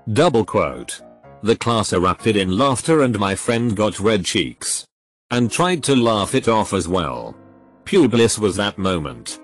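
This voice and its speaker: A man reading stories aloud as a narrator, speaking in a lively voice with flat asides. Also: lowish voice.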